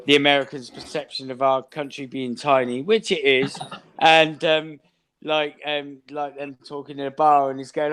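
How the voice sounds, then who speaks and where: A man's voice: on the high side, little pitch movement, moderate pace, a bit bright. An English man in casual chat, rambling through funny stories and laughing often.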